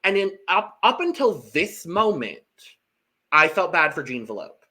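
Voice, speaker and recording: Speaking in a high voice at a measured pace, this man co-hosts a podcast recapping a reality show. He chats casually and gets animated, performing quotes from the contestants.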